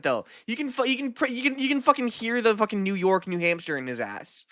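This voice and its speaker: A woman's voice: a little high, animated, a little fast, few pauses, a bit bright, dry recording, clean studio sound. A woman streamer chatting casually while reacting to videos, swearing a lot, laughing and repeating words over and over.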